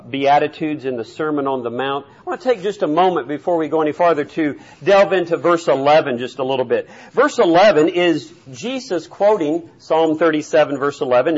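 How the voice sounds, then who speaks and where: A man's voice: fairly high pitch, highs cut off. An older man preaching a sermon, earnest and worked up as he reads scripture.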